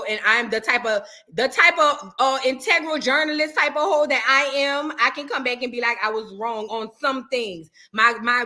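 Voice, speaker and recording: A woman with a New Orleans accent hosts a casual reaction show. Her voice sits high and sounds bright and forceful. She talks in an animated, profane way and speaks straight to her viewers in chat.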